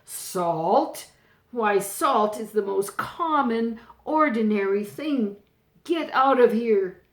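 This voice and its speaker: Gruff storybook king with a deep, slow, roaring temper, read by a woman. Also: lively intonation, roomy sound. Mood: furious. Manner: gruff, yells in rage. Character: stern angry old king, father of three.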